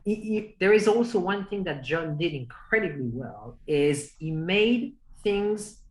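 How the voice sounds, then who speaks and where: A woman hosting a webinar over a video call, telling anecdotes in a lively, filler-heavy way. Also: on the low side, a little slow. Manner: animated, laughing anecdotes with many fillers. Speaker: webinar host. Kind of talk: casual storytelling. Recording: echoey room.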